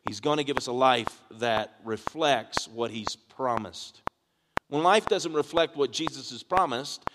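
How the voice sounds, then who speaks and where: A pastor preaches in a church sanctuary, questioning his congregation as his delivery builds in force. His voice is a mid-range man's voice with a long reverberant tail. Steady background noise sits under the recording. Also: medium pitch. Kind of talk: sermon. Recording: echoey hall with background noise.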